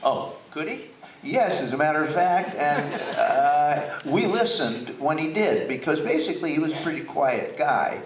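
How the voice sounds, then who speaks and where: A man's voice: a little high, expressive, unhurried, noisy background. A man telling stories about his father on stage before an audience, talking with frequent restarts. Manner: reminiscing, warm storytelling with restarts. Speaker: guest speaker. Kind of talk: onstage talk with a live audience. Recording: echoey theater, mic from a distance.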